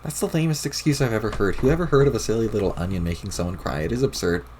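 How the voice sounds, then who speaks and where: A man's voice: on the low side, very fast, a little mellow, slight background noise, close to an everyday voice. A man voicing a playful, meddling young alien troll girl in a theatrical, teasing manner while reading a comic aloud. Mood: mocking.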